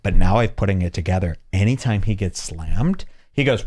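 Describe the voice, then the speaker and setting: Male podcast host, lively pitch, mocking commentary. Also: moderate pace. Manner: scornful, animated storytelling. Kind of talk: casual commentary over clips.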